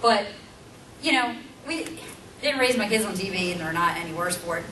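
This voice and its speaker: A woman's voice: medium pitch, lively intonation, normal speed, bright, forceful tone. A middle-aged woman giving a conversational teaching seminar, emphatic and full of rhetorical questions to her audience. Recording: roomy, distant mic, faint background hum.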